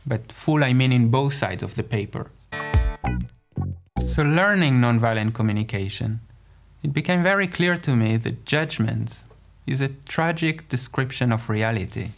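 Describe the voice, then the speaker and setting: A man's voice: medium pitch, lively intonation, moderate pace, vocal fry, soft background music. Man, mediator, explanatory talk, conversational, rhetorical questions.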